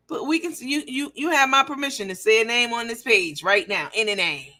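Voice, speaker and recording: A woman's voice: mid-range voice, big pitch swings, moderate pace, few pauses, pushed and bright. A woman hosting a livestream, reading viewer comments aloud and talking bluntly and profanely in a mocking, emphatic way.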